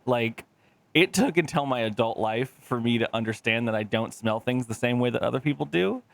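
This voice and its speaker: A man's voice: medium pitch, animated, brisk, gravelly. Thirtysomething male co-host, loose profane storyteller who acts out quotes. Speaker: podcast co-host. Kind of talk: casual podcast chat.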